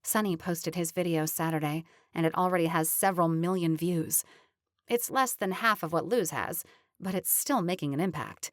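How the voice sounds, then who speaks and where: A woman narrating a romantic comedy audiobook in the first person, lively and chatty. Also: fairly low pitch, normal speed, no room sound, studio quality.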